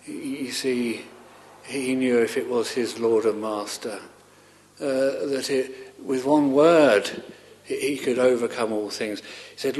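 Preaching with a mid-range voice and fairly even intonation, a man speaks earnestly but haltingly, restarting often and repeating words. On pleading questions, he climbs fervently.

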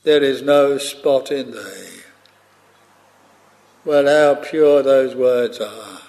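A man preaching a sermon in a measured, unhurried way, quoting scripture with old-fashioned phrasing. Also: mid-range voice, darkish tone.

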